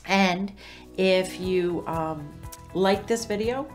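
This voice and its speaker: A woman's voice: lowish voice, very slow, faint music behind. A middle-aged woman giving parenting tips to camera in a conversational teaching style, with fillers and self-corrections.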